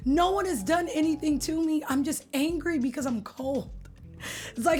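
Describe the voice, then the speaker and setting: High-voiced playful woman streamer. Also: normal speed, a little mellow, soft background music. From California. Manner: playful, slangy, greets chatters by name. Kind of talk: casual chat with live viewers.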